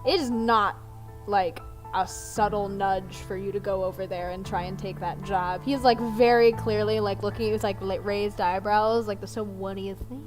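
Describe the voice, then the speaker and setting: A woman's voice: medium pitch, steady tone, normal speed, music in the background, poor audio. A woman running a tabletop game, narrating casually with lots of fillers. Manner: chatty, full of fillers. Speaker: game master.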